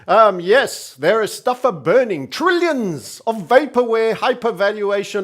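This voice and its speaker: A man hosting energetic market commentary, theatrical and cheery yet sardonic and doom-laden. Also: high-pitched. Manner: theatrical, energetic and cheery, self-styled entertainer.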